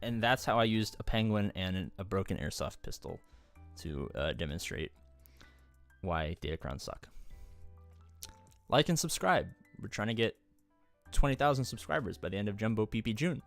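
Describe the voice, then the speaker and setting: A man's voice: lowish voice, animated, normal speed, pauses often, faint music behind. A man streaming live, talking casually in a rambling, jokey way and swearing freely. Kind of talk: casual livestream chat.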